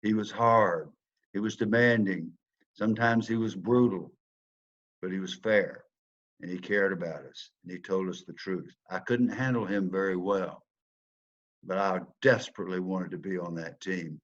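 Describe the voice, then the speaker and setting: A man's voice: low-pitched, moderate pace, lo-fi sound. Older Southern man telling a dramatic story. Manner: dramatic storyteller, swings from loud to hushed. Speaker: speaker telling a personal story. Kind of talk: storytelling talk.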